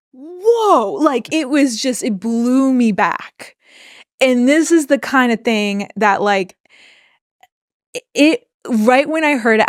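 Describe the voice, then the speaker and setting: A woman's voice: fairly high pitch, no echo. Earnest woman podcaster, dry close sound. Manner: earnest, emotionally open, animated retelling. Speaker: podcast co-host. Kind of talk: personal storytelling on a podcast.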